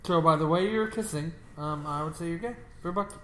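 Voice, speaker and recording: Bright-voiced teasing man, echoey room. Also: on the high side, a little fast, slight background noise. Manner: teasing, jokey, laughs a lot. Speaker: game player. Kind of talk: casual let's-play chat.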